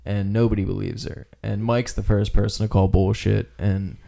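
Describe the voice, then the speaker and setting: A man's voice: on the low side, normal speed, vocal fry. A man chatting casually about a horror film, retelling the plot in detail. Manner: relaxed, recaps plot in detail.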